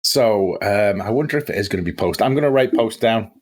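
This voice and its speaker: A man's voice: lowish voice, animated, brisk. Jokey man co-commentating. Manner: jokey, chatty, laughs often. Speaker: esports co-caster. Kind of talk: casual commentary chat.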